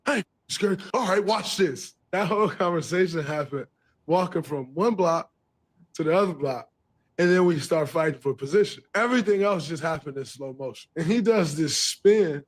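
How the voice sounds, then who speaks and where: A man, a pro basketball player, telling a story from a game with animated, laughing delivery. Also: fairly high pitch, moderate pace. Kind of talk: recounting a story in an interview.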